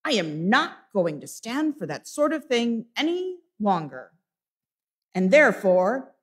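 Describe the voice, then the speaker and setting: A woman voicing a gruff old male miser who turns generous, reading loud and barking in a church service. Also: a little high, very animated, unhurried, exaggerated voice.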